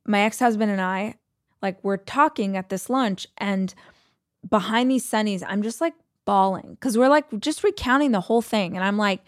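Woman podcast host, mid pitch, dry close mic, emotional storytelling, chatty fillers. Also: normal speed, no room sound. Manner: emotional, conversational, frequent "like" fillers. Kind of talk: personal storytelling monologue.

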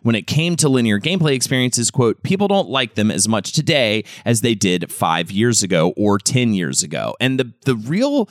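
Male co-host, mid-pitched, dry close mic, eager and rambling delivery. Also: sing-song, moderate pace, hardly any pauses, dry recording. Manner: enthusiastic, rambling with frequent restarts. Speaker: podcast co-host. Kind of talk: casual podcast chat.

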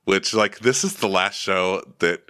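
A man's voice: sits low, unhurried, pushed and bright. A man co-hosting a podcast, recapping a reality show in a sarcastic, joking way. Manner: sarcastic, jumps into mocking voices. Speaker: podcast co-host. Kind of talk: casual recap chat.

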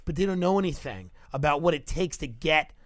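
A young man rants through comic stories on a podcast, jumping between asides and mocking impressions. His voice sits a little high for a man. The sound is dry and close, with no room around it. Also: expressive, a little fast, no room sound. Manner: rambling storyteller, acts out tourists in mocking voices. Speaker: podcast guest. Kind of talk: casual comedic chat.

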